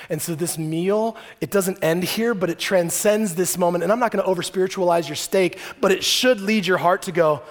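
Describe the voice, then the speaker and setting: A male pastor in his thirties delivers a sermon with an animated, joking storyteller's manner. His voice sits high for a man. A long reverb trails every phrase, as if he is speaking in a large hall before a congregation. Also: normal speed.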